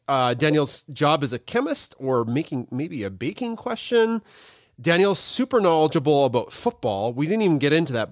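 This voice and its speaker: An easygoing man hosts a podcast and runs a live audience Q&A, laughing often. His voice sits a little high, and the sound is dry and close. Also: no echo. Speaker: podcast host moderating a Q&A. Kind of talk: casual live audio chat.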